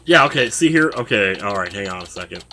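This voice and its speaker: A man's voice: lowish voice, lively intonation, fast talker, sharp tone. A man giving casual, joking commentary while playing a game. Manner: chatty, joking asides to the viewer. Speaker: let's play host.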